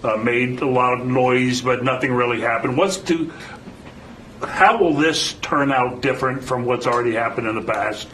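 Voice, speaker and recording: A male reporter asks questions at a press briefing in a casual, direct way. His voice is mid-pitched, with a faint hum behind it. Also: moderate pace, a bit bright, rough recording.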